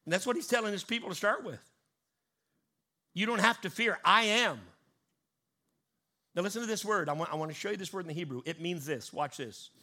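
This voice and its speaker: Bright-voiced preaching man. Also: sits high, brisk, long pauses. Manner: preaching with rising emphatic call-and-response cadence; talks to the congregation, teaching word meanings. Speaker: pastor. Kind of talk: sermon.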